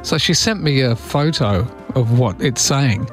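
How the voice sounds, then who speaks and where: A man's voice: mid-range voice, lively intonation, a little slow, faint music behind. A man hosting a morning radio show, chatting in a wry, rambling way with asides. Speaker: radio host. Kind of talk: casual morning radio chat.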